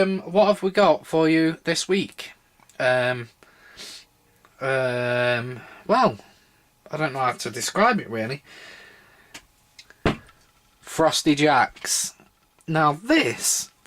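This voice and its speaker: A man's voice: on the high side, a bit bright. A young man reviewing a drink in a casual solo vlog, a little tipsy and sore-throated, rambling with wry asides. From Britain.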